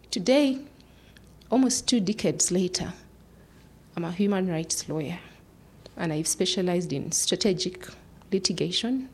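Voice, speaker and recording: A woman's voice: on the low side, creaky, a little hiss or hum. A woman in her thirties, a human rights lawyer, telling an earnest personal story and dropping to near-whispers at tense moments.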